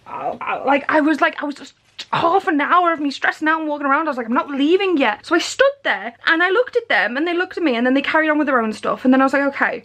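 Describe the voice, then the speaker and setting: High-voiced tired woman vlogger. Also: fairly bright tone. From England. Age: 30s. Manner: tired, emotional and rambling. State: weary after crying. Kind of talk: personal vlog talk.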